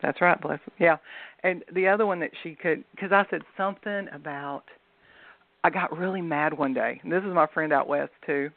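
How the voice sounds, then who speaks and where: A woman from the American South tells stories as a guest author, chatty and quick to laugh. Her voice has a gravelly, creaky edge. The sound is tinny and phone-like, and the room is dry. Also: low voice, no room sound. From Southern United States. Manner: chatty, laughs often while telling stories. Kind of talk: casual storytelling interview.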